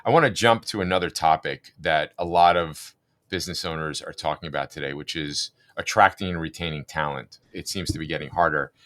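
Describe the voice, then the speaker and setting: A man hosting a podcast interview, asking long, measured questions. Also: rumbling low, a bit bright. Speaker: podcast host.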